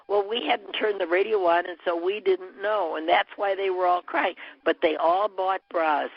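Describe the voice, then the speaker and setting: A woman's voice: on the low side, moderate pace, hardly any pauses, slightly rough, no echo. Older woman rambling over a muffled phone. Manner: chatty, rambling anecdotes with many fillers. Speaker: bra business distributor. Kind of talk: telling a story on a phone call. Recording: muffled telephone line.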